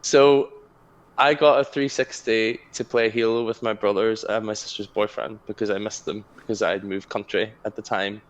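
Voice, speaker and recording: A man's voice: on the low side, fairly even intonation, normal speed, highs cut off. A young man co-hosting a casual podcast chat, telling a story with energy, swearing and laughing often. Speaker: podcast co-host.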